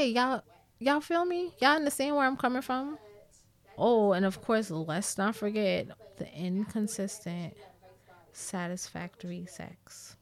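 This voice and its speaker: Blunt, profane New York woman. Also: fairly high pitch. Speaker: vlogger. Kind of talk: candid storytime talk to viewers.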